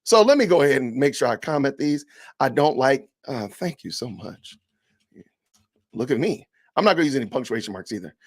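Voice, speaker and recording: A man hosting a podcast livestream, reading comments aloud with animated, indignant, preachy ranting. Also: medium pitch, fast talker. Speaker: podcast host.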